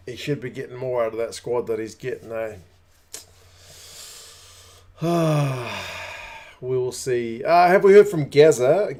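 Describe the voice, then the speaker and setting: A man's voice: mid-range voice, darkish tone. A man hosting a live rugby watch-along, chatting casually, rambling and greeting viewers by name. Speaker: rugby channel host.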